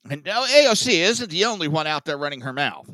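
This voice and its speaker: A man hosting a political commentary podcast, sarcastic and profane, sighing and swinging between loud outbursts and mutters. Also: a little high, sing-song, fairly quick, no room sound. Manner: sarcastic, profane, self-mocking. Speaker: podcast host.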